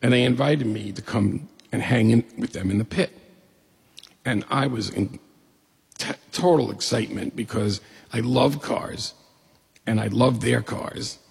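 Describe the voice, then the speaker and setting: Middle-aged guy spinning a funny story, super gravelly raspy voice, big hall echo. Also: lowish voice. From New York State. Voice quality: gravelly and husky. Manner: lively, humorous, acts out quoted voices. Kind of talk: personal story told to an audience. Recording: long hall reverb.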